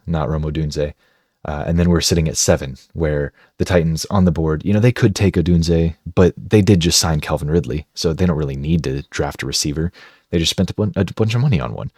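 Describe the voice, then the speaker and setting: A man's voice: a bass voice, a little mellow, slightly rough, no echo, studio quality. A man hosting a casual football draft analysis video, talking in a chatty, conversational way and thinking aloud. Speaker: sports video host.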